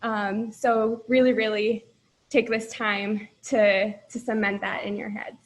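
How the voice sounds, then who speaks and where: A woman's voice: medium pitch, little pitch movement, slow pace, low-quality recording. A young woman congratulating graduates over a video call, emotional and holding back tears. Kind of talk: emotional speech.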